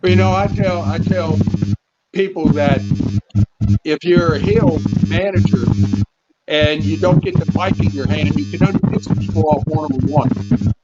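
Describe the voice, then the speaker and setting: A man who manages wrestlers, a guest in casual interview chat, talking in a halting way with many restarts. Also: on the high side, animated, heavy background noise. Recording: dull lo-fi audio with loud music behind.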